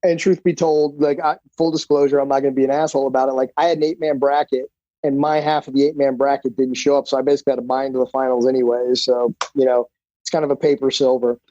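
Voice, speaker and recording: A man as a podcast guest, telling stories casually in an animated, profane way, full of fillers. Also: medium pitch, fast talker, no room sound, dull audio. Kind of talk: casual storytelling.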